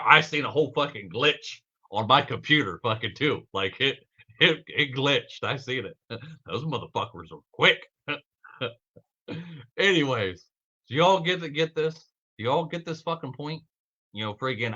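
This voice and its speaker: A man hosting a live-streamed podcast, rambling excitedly and swearing constantly. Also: mid-range voice, muffled recording. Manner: rambling, heavily profane, excitable. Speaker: podcast host.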